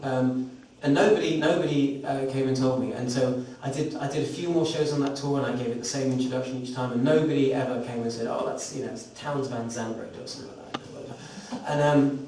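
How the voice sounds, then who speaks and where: Introducing a song at a live studio performance, a singer-songwriter tells a small audience a rambling story at his own expense. His voice is medium-pitched and darkish with a steady tone, and he talks fast with few pauses. The sound is roomy and distant, with noise in the background.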